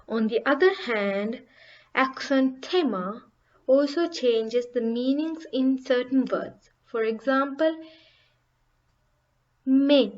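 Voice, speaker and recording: A woman teacher speaks at an extremely slow, careful pace in a fairly high voice, spelling out each example and repeating it so beginners can copy. The recording sounds slightly dull and lo-fi. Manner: deliberate, repeats each word for learners to copy. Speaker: French teacher. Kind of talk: beginner language lesson.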